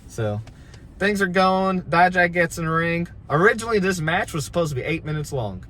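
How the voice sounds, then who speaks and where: A man's voice: fairly high pitch, animated, moderate pace, fairly bright tone. A man, a pro wrestler, casually telling a story about his career in a laid-back, self-deprecating, rambling way.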